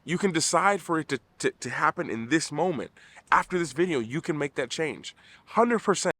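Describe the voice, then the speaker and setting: Male vlogger, middle-aged, slightly high voice, emphatic motivational delivery to camera. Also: animated, moderate pace, fairly bright tone. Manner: earnest, repetitive restarts, emphatic.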